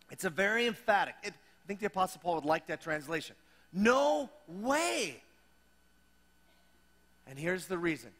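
Animated high-voiced preacher in a church hall. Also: male voice, normal speed. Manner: animated, conversational, acts out imagined objections. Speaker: pastor. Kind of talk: sermon.

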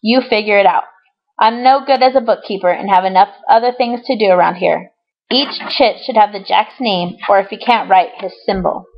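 A woman reading the lines of a busy, blunt older male camp boss, giving brisk matter-of-fact instructions in a storybook reading. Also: medium pitch, lightly acted. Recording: dull lo-fi recording.

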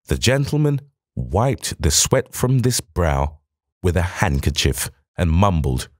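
Deep-voiced man reading an audiobook. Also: big pitch swings, measured pace, dry recording, clean studio sound. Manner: formal, old-fashioned storytelling. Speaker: audiobook narrator. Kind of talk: scripted first-person audiobook narration.

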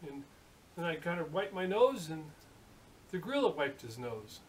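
A bewildered, indignant old machinist, as a man telling a joke puts him on. He fires off flustered, disbelieving questions in a voice pushed higher than usual. The sound is distant, with a faint hiss. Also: very animated, normal speed.

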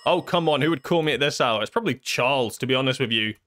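A man's voice: mid-range voice, quick pace, pushed and bright. A man jokes sarcastically and swears as he talks through a horror video game, laughing often. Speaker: gaming YouTuber. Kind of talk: horror game let's play commentary.

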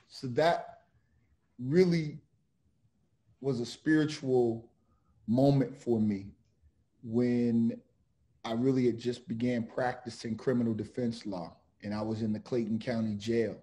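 A middle-aged man, an author and defense lawyer, speaking slowly and earnestly with many pauses, partly reading his own book aloud. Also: mid-range voice, fairly even intonation, warm tone. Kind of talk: reflective talk with read-aloud book passage.

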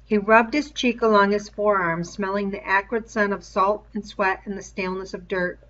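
A woman reading a novel aloud in a steady, measured storytelling voice. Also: medium pitch, lo-fi sound. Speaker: reader.

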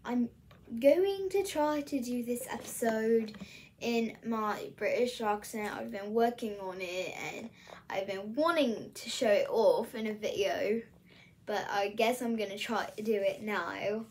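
A woman's voice: on the high side, a little slow, a little mellow, a little hiss or hum. A woman from the US Midwest, hosting a casual solo vlog and rambling hesitantly with many fillers. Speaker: channel host.

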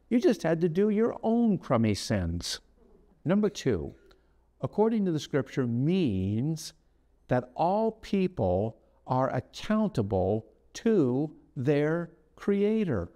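A middle-aged man teaching in a sermon style, emphatic, repeating key phrases and slowing down to read scripture. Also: mid-range voice, dark tone. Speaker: guest speaker. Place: television studio.

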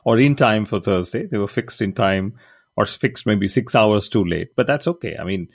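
A man co-hosting a motorsport podcast in a casual, chatty way, full of quick asides and jokes at his own expense. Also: lowish voice, dry recording, studio quality. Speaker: podcast co-host. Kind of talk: casual chat.

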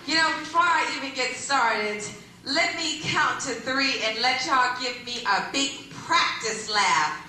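A woman's voice: sits high, a little slow, bright, forceful tone. A woman performing live stand-up comedy, working the crowd in a brash, salty way before an audience. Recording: echoey live venue, noisy.

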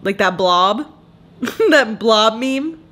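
A woman's voice: on the high side, animated, drawn-out words, echoey room, background noise. A young woman from the Atlanta area chatting casually in a home vlog while eating, playful, laughing often and swearing freely. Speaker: vlogger.

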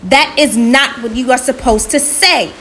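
A woman voicing an angry, bossy male spider trickster who shouts orders in a storybook tale. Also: sits high, unhurried, a little hiss or hum, pitched above the performer's own voice.

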